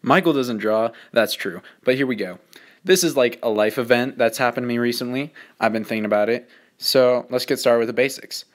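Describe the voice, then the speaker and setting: A man's voice: medium pitch, brisk. A teenage boy telling a story in a casual, joking way, rambling with lots of fillers and poking fun at himself. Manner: rambling, filler-heavy, self-mocking. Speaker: student narrating a drawing video.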